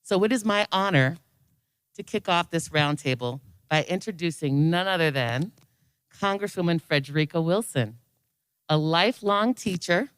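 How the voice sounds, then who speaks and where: A woman's voice: sits low, smooth, no echo. A woman hosting a roundtable, reading a formal prepared introduction of a speaker. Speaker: event host introducing a speaker. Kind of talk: speech at a community roundtable.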